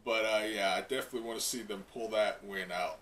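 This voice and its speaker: A man's voice: on the low side, fairly even intonation, quick pace, fairly bright tone, recorded from a distance, slight background noise. A man hosting a casual live reaction to a comic, rambling with lots of fillers and chuckles. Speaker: manga reaction host.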